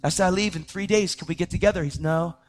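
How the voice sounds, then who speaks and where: A young adult man telling a personal testimony in a casual way, often saying "man", his voice rising to shouts at the most intense moments. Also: sits high, steady tone, racing, a little hiss or hum. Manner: casual, says "man" and "dude" a lot. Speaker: speaker sharing his testimony.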